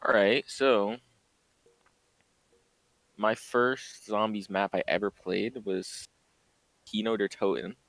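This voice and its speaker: Gravelly low-voiced young man. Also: steady tone, takes it slowly, pauses often, fairly bright tone, no room sound, poor audio. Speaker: podcast guest, streamer. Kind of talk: casual podcast chat.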